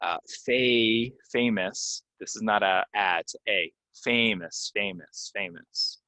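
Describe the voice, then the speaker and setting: A young man with a low but bright, forceful voice teaches English pronunciation. He talks casually, full of ums, then slows right down to model each word carefully. The sound is close and dry. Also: no echo. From United States. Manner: slow, stressed model pronunciations with many ums. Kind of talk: casual spoken lesson to learners.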